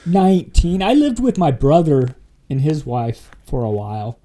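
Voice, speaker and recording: Dark-voiced man telling his story. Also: on the high side, big pitch swings, unhurried. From Wyoming and Montana, USA. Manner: rambling, laughs often, many fillers and restarts. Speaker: interview guest sharing his testimony. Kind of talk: casual conversational storytelling.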